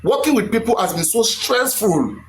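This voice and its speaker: High-voiced Nigerian man ranting on a live stream. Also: animated, normal speed. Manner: emphatic, repetitive, preachy. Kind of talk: animated live stream rant. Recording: echoey room with faint noise.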